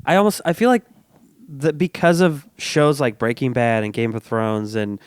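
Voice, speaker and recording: A man hosts a relaxed podcast conversation at home, his voice smooth and resonant. He rambles through his thoughts with plenty of filler words. The sound is dry and close, with no room echo. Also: medium pitch, moderate pace. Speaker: podcast host. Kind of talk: casual chat.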